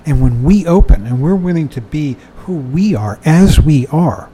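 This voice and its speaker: A man's voice: fairly high pitch, animated, moderate pace, warm tone, husky, rough recording. An older man giving a dharma talk, reading from a book and commenting in a conversational way, often chuckling and saying "you know".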